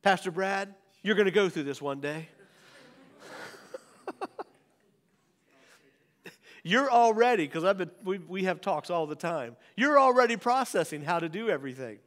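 Male pastor, sermon, slow delivery, rises loud then drops to near-whispers, church hall reverb. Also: high-pitched, animated. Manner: swings from raised preaching to hushed near-whispers. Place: church sanctuary.

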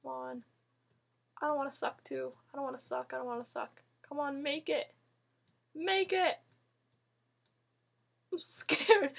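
A woman's voice: sits high, fairly even intonation, measured pace, vocal fry, pauses often, fairly bright tone. A young woman giving playful let's-play commentary, giggling often and bossing other players around. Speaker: gamer.

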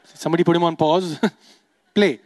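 A young adult man from Dubai performing a stand-up comedy set, chatting quickly and playfully with the crowd. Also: on the high side, level tone, a little mellow.

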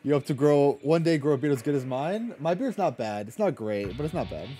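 A man's voice: a little high, expressive, a little fast, mellow, soft background music. A man streaming a video game from home, chatting casually with viewers, reading and answering chat, swearing freely and laughing often.

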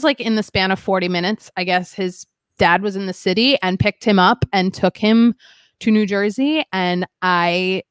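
A woman's voice: lowish voice, clean tone, no room sound. Young woman telling a story, dry close sound. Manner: rambling, heavy use of "like", frequent restarts. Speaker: podcast guest. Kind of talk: candid conversational storytelling.

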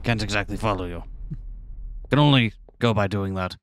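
A man's voice: fairly low pitch, normal speed, smooth. A man hosting a casual, joking video game playthrough with a co-host. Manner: playful, joking. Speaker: let's-play host. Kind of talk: casual gameplay chat.

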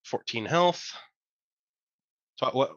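A man playing in a tabletop game, chatty and quick to argue the rules. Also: medium pitch, animated, a bit bright, dry recording. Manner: chatty, laughs between lines, argues rules. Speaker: player. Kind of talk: casual tabletop play. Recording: slightly dull, dry mic.

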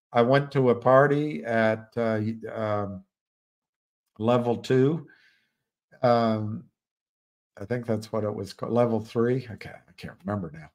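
An older man hosting a live stream, chatting casually and rambling with frequent restarts. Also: on the low side. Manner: rambling, musing, many restarts. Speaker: livestream host.

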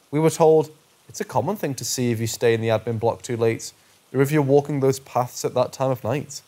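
A man reading true paranormal stories aloud in a steady, measured narration that slows on eerie phrases. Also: mid-range voice. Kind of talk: scripted narration.

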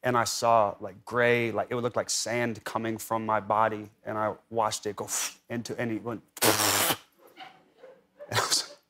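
A man's voice: fairly low pitch, level tone, moderate pace, fairly bright tone, slight background noise. A man in his thirties, a talk show guest, rambling through anecdotes with lots of "like" and restarts in casual chat. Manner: rambling storyteller, heavy on "like" and restarts. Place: TV studio.

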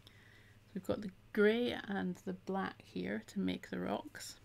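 A woman's voice: mid-range voice, fairly even intonation, slow, gravelly. A middle-aged woman, chatting casually while she teaches a craft on a live stream and reads out viewer comments.

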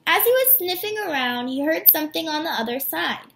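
A woman teacher reads a children's picture book aloud to her students in a warm, animated way. Her voice is high and swings widely. The recording has a noticeable room echo. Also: a little fast, vocal fry, slight background noise. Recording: echoey room.

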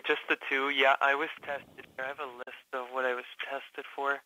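A man from Canada, a guest in a casual interview, telling his story haltingly with many fillers and restarts. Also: medium pitch, level tone, bright, forceful tone, a little hiss or hum, rough recording. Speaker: patient guest.

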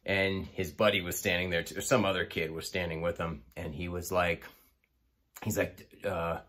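A man's voice: sits low, flat delivery, moderate pace, a bit bright. A man casually telling a personal story, rambling with many fillers and restarts.

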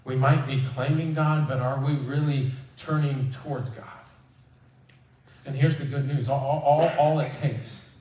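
A pastor preaching a sermon in a church, talking in a casual, conversational way and acting out quoted prayers. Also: male voice, medium pitch, fairly even intonation, measured pace, darkish tone, slight background noise. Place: church sanctuary. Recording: roomy church sound from a distance.

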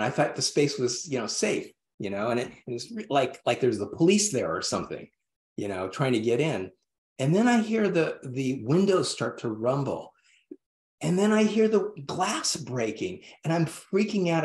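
A man, a guest in an interview, telling a story in a halting way with many restarts and fillers. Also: medium pitch, very animated, echoey room. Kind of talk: interview conversation.

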